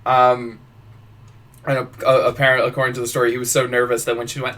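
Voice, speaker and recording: A man's voice: mid-range voice, monotone, fast, fairly bright tone, recorded from a distance. A man hosting a podcast, chatting casually with frequent swearing, stammering restarts and laughter. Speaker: podcast host. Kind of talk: casual chat.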